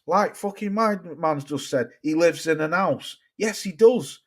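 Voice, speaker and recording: A man with a slightly high voice rants casually to his stream chat. He swears freely and keeps the talk loose and unpolished. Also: unhurried, hardly any pauses. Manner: sweary, ranting, talks to chat.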